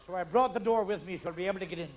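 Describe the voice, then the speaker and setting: On a live stage before a laughing audience, an older stand-up comedian rattles off punchlines rapidly, then drops to quiet asides when quoting characters. His voice is high-pitched, the highs are cut off, and faint hiss sits under the crowd noise.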